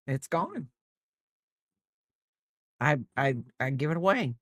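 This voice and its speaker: Low-voiced woman chatting to her dog. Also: sing-song, slow, dry recording, studio quality. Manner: teasing, doting talk to her dog; rambling with restarts. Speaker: crochet streamer. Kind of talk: casual chat while crocheting.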